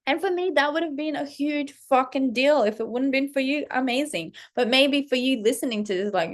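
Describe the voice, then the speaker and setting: Animated, foul-mouthed woman vlogger. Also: sits high, normal speed. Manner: animated, swears constantly, acts out her own reactions. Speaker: vlogger, self-leadership coach. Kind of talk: casual storytelling vlog. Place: Paris.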